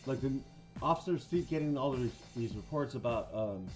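A man's voice: medium pitch, animated, moderate pace, music in the background. A casual podcast host with a mid-range male voice who curses freely and breaks into laughs between bits of lore he reads from his notes.

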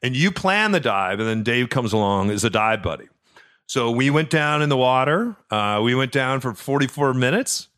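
A middle-aged man recounts a personal story on his podcast in an easy, chatty way. His voice sits at an ordinary pitch, and he stumbles over repeated words. He gets quiet and low when he is moved. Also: expressive, normal speed, clear, resonant tone. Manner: chatty, repeats words when emotional, drops soft and low at tender moments. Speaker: podcast host. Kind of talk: casual storytelling.

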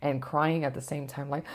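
A woman's voice: deep voice, a little slow. A woman vlogger recounting a personal experience in a rambling way, full of fillers and restarts. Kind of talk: personal storytelling.

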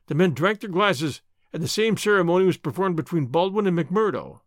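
Male narrator-host, dramatic audiobook reading, lively, slightly high, dry close mic. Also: brisk, dry recording. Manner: lively, dramatic reading that shifts pitch for dialogue. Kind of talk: audiobook reading with character voices.

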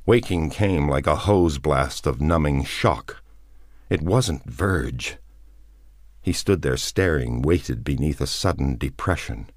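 A man narrating an audiobook in a measured, expressive reading. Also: very deep voice, dry recording, studio quality. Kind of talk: scripted narration.

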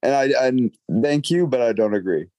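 A young man from Los Angeles, an actor answering interview questions in a modest, halting way with many fillers. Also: medium pitch, animated, a little mellow, no echo.

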